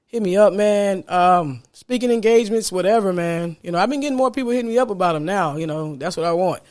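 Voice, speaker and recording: Brisk and with few pauses, a man with a high-sitting voice and a darkish tone hosts a solo podcast. He speaks casually and heartfeltly, upbeat and smiling, dropping "man" in often.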